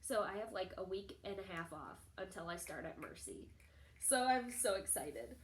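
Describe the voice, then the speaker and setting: A woman's voice: normal speed, slight background noise. Chatty young woman vlogging in an echoey room. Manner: chatty, animated, acts out quoted people in a higher voice. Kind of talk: casual storytelling to camera.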